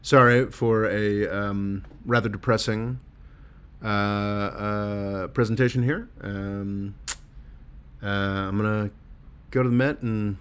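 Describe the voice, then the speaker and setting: A tired man hosting a casual livestream and reading viewer comments aloud, rambling and halting with many fillers, sardonic and laughing at his own jokes. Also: on the low side, steady tone, clear, resonant tone. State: tired and low. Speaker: livestream host reading super chats.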